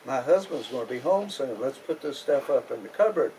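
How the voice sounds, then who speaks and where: A man with a Kentucky accent voicing a sneaky farm wife who talks in a hushed, curt way. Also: mid-range voice, animated, brisk, far from the mic, a little hiss or hum, natural voice, low-quality recording. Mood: hurried.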